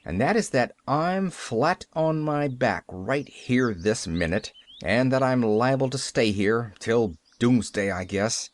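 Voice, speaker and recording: A man reading an audiobook, voicing a cross, bitter bedridden man with a gruff, sarcastic manner. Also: medium pitch, lively intonation, slow pace, few pauses. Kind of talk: audiobook character voice.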